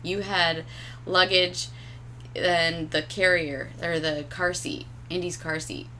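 A woman co-hosting a casual chat, laughing often and trailing off softly at the ends of lines. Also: on the low side, fairly even intonation, takes it slowly, slight background noise. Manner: laughs often, drops soft and quiet at line ends. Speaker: podcast co-host.

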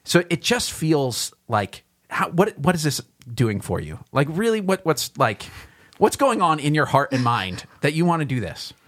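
A man's voice: fairly high pitch, very animated, moderate pace, a bit bright. A man pastor hosting a Bible podcast, chatting casually, laughing easily and adding self-conscious asides while he explains the passage. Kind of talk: casual chat and Bible teaching.

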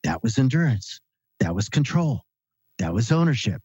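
A man in his late fifties with a husky, slightly breathy voice tells stories as a podcast guest, slipping into the voices of the people he quotes. The recording is dry and a little dull. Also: medium pitch, moderate pace, no room sound. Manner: animated storyteller who acts out quoted dialogue. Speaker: guest, author and researcher. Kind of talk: storytelling in a podcast interview.

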